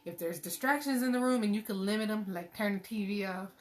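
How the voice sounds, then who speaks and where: A woman's voice: mid-range voice, fast. A woman hosting a meditation group, chatting in a casual, playful and joking way, full of fillers. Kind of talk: casual livestream chat.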